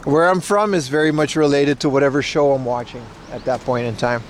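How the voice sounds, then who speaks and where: Steady and a bit fast, his mid-range voice carries over a faint hiss or hum. Hosting a walking livestream outdoors at a Japanese event, he rambles, cracks jokes, and teases himself good-naturedly.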